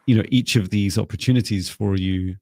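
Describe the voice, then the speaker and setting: A man giving live spiritual readings and energy clearings, speaking slowly and soothingly. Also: fairly low pitch, steady tone, mellow, no room sound, studio quality. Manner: slow, soothing, meditative. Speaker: spiritual reader.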